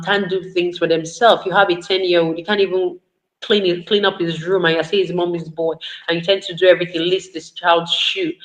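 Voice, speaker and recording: A woman with a lowish voice gives a parenting talk, earnest and instructive, repeating her key points. The recording is rough.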